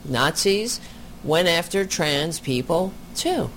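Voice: medium pitch, animated, slow pace, a bit bright, a little hiss or hum. A commentator reacting to a clip with indignant, sarcastic remarks.

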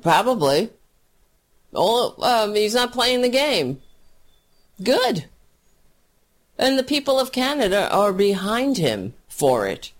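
A man's voice: sits high, big pitch swings, unhurried, hardly any pauses. A man ranting at length about politics, angry, mocking and profane, as a solo commentator.

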